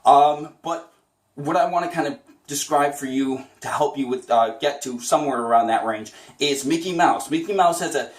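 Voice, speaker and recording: A man's voice: fairly high pitch, normal speed, far from the mic. A man teaching voice impressions in a casual, chatty tutorial, upbeat and often laughing. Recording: roomy echo, away from the mic.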